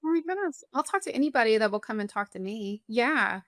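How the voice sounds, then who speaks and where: A woman's voice: on the high side, fast, dry recording. A middle-aged woman therapist and social worker in a podcast interview, telling stories expressively and laughing often. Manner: warm, expressive storyteller who laughs often.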